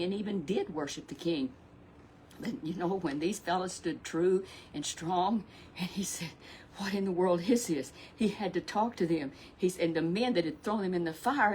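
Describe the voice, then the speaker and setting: A woman's voice: lowish voice, slight background noise. A woman telling a children's Bible story in a chatty, repetitive, folksy way, with asides to a puppet.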